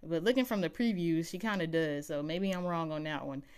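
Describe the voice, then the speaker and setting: Woman, smooth resonant voice, chatty, animated episode recap. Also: low voice, brisk. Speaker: TV recap vlogger.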